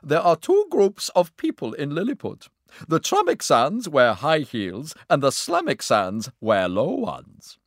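A man's voice: a little high, wildly swooping pitch, a little slow, no echo, clean studio sound, voice pushed up, heavily acted. A man voicing an anxious, fussy male court secretary in a storybook reading, pleading and urgent. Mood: worried.

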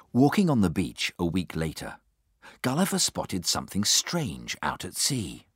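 A man reading a children's storybook aloud with lively expression, acting out the characters. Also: deep voice, unhurried, slightly rough. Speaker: narrator.

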